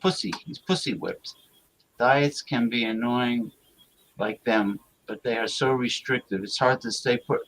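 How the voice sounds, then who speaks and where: A male livestream host with a mid-pitched voice chats loosely with his viewers and reads their comments aloud. He is crude, rambles from topic to topic, and stumbles over repeated words. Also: a little slow, fairly bright tone, slight background noise, low-quality recording.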